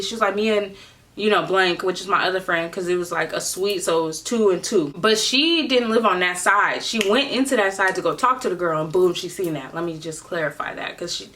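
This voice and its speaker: A young woman vlogger telling a casual storytime in a slangy, animated way, acting out what people said. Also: lowish voice, a little fast. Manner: animated, slangy, acts out quotes.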